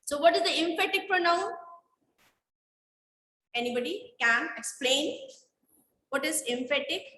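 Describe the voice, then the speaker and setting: Woman, online class teacher, slow and repetitive, high bright voice, echoey room. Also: expressive, a little hiss or hum. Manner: slow, repetitive, quizzing students. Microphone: video call.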